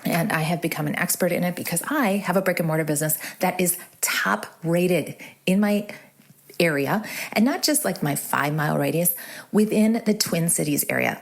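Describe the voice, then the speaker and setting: Low, gravelly Midwestern woman in her forties, upbeat solo podcast host. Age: 40s. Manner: bubbly, chatty, drops into breathy asides. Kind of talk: casual solo podcast chat.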